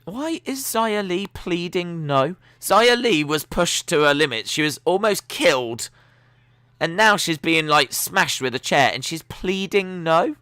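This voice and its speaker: A young man talks over a live stream, chatty and openly opinionated, with a sarcastic edge. His voice sits a touch high and sounds bright and forceful. The recording is dry and close, with no room in it. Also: lively intonation, unhurried, clear, resonant tone, dry recording. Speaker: live stream watch-along host. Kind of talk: casual live commentary.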